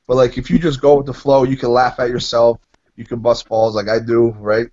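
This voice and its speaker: A man in casual podcast chat, telling animated, profanity-laced stories. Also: mid-range voice, brisk, muffled recording.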